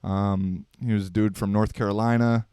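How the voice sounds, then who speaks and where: A man's voice: lowish voice, steady tone, normal speed, warm tone, clear, resonant tone, dry recording, clean studio sound. A man in his thirties hosting a podcast, telling unscripted stories in a laid-back, slangy, rambling way. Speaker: podcast host. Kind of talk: unscripted casual storytelling.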